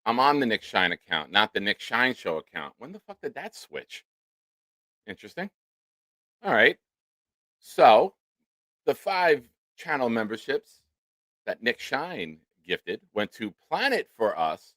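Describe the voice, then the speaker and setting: An animated man hosts a casual sports livestream, his pitch jumping around as he thanks viewers and swears offhandedly. His voice is bright and forceful, and the recording is close and dry. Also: a little slow, long pauses, dry recording. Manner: animated, swears casually, reads out supporter names. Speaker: sports talk show host.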